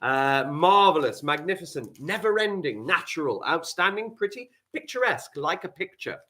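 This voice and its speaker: A man's voice: fairly high pitch, sing-song, normal speed, pushed and bright. A male primary school teacher, giving a live online writing lesson, reading example sentences aloud and explaining them step by step.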